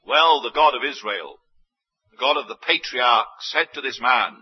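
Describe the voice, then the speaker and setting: Guy preaching a sermon, husky and highish, really emphatic, kinda muffled old recording. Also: a little slow. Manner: emphatic, sweeping swings of pitch and loudness.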